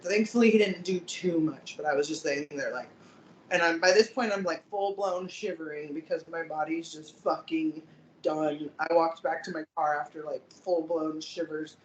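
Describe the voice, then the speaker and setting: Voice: mid-range voice, moderate pace. Co-host, rambling and profane; roomy sound with faint hiss. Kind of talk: casual chat.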